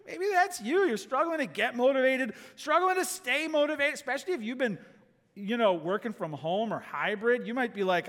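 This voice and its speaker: Male pastor, high and lively voice, preaching with rhetorical questions, long hall reverb. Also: normal speed. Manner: animated preaching, rhetorical questions, drops soft for quoted asides. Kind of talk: sermon. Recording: long echo of a large hall.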